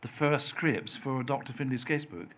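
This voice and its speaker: An older man from Scotland with a softened Scottish accent, a TV writer telling anecdotes as an interview guest and acting out the voices of people he quotes. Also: mid-range voice, moderate pace. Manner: chatty storyteller, acts out quoted voices, laughs often.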